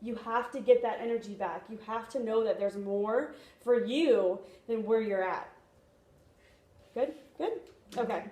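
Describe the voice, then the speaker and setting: A woman's voice: a little high, a little mellow. Chatty woman speaking in an echoey room. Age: young adult. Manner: chatty, often asks "you know what I mean?". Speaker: speaker at a sales training meeting. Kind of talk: motivational talk to a room. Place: meeting room.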